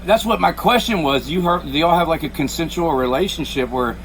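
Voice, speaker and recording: A man's voice: a little high, fairly quick, a little hiss or hum. A man hosting a confrontational phone call, repeating mocking, sarcastic questions. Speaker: channel host making a phone call.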